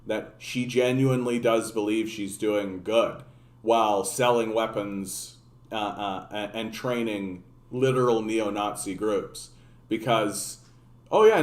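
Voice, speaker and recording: A man's voice: medium pitch, a little mellow. Man, sarcastic profane political rant, rambling, echoey room. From Canada. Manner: rambling, profane, sarcastic, with many fillers and restarts. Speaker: political commentary streamer.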